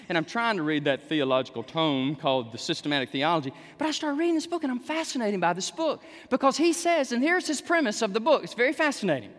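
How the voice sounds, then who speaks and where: A male pastor preaching a sermon in a church, animated, with sudden shouts and humorous asides. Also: very high-pitched. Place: church sanctuary. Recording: echoey church hall.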